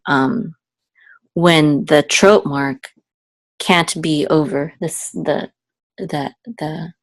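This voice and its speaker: A woman's voice: gravelly, no room sound. Woman tutor, casual one-on-one lesson, patient, step-by-step, checks in often, dry close sound. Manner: sings syllables higher and slower as examples. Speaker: Hebrew cantillation teacher.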